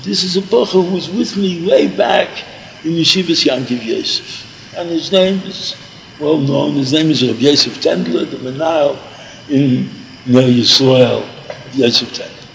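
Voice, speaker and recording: Gravelly older man telling a rambling story. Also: fairly high pitch, lively intonation, measured pace, a bit bright, slight background noise, poor audio. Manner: meandering, repeats himself, mixes in Yiddish and Hebrew words. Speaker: storyteller recalling yeshiva days.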